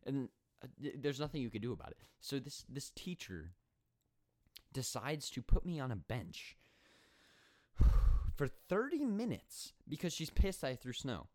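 Rambling twenty-year-old podcast host. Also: male voice, mid-range voice, moderate pace. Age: 20s. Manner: animated, rambling, sarcastic storytelling with many fillers and restarts. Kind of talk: solo podcast storytelling.

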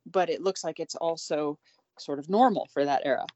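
A woman's voice: low voice, brisk, darkish tone, dry recording, highs cut off. A woman in a casual Bible study discussion, explaining points with confidence.

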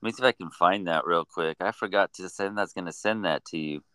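A man co-hosting a podcast, chatting in a relaxed, rambling way with lots of fillers. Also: low-pitched, quick pace, clean tone, dry recording. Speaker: podcast co-host. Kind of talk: casual chat.

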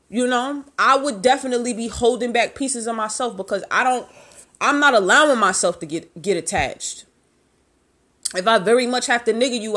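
A woman's voice: on the high side, a bit bright. Blunt, profane woman in her twenties. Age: 20s. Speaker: podcast host. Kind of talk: candid confessional podcast talk.

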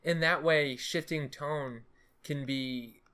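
A man co-hosting a podcast who talks about movies in a relaxed, agreeable way and thinks aloud with small restarts. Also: on the high side, takes it slowly. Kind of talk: casual film discussion.

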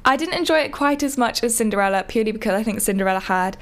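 A woman's voice: a little high, animated, racing. A young woman who hosts a podcast and gives a casual spoken theatre review, chatty and rambling with lots of ums and restarts. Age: young adult.

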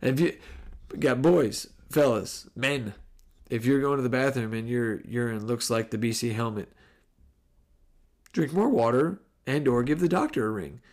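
A man's voice: mid-range voice, unhurried, darkish tone. Rambling, chuckling male podcast host. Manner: rambling, laughs easily, breaks off mid-sentence. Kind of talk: casual podcast Q&A.

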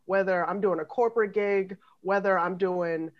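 A woman comedian and sketch writer in a panel discussion, speaking in a measured, thoughtful way. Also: mid-range voice, steady tone, dull audio.

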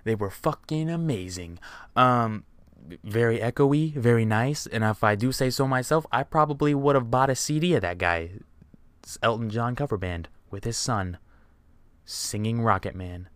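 A man's voice: mid-range voice, normal speed, fairly bright tone, clean tone, dry recording. A young man casually telling a rambling, profanity-filled story.

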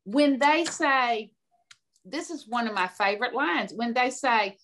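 A woman's voice: on the high side, a little slow, a bit bright. An older woman from the American South, a podcast guest giving direct, emphatic advice and telling stories. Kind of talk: conversational advice.

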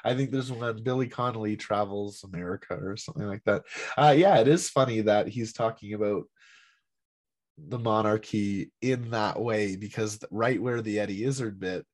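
A man hosting a podcast in casual chat, upbeat and quick to laugh. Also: on the low side. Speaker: podcast host.

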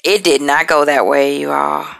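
Woman host, tired and emotional, slow gravelly confessional delivery, dry close sound. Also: deep voice, fairly even intonation, fairly bright tone, no room sound. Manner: emotional, halting, apologetic. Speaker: podcast host. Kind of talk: personal confessional talk.

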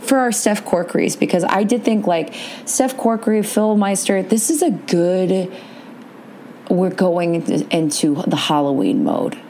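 A woman's voice: lowish voice, lively intonation, unhurried, mellow, a little hiss or hum. A woman co-hosting a podcast, chatting casually, swearing freely and telling stories with big jumps in emphasis. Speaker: podcast co-host. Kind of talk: casual chat.

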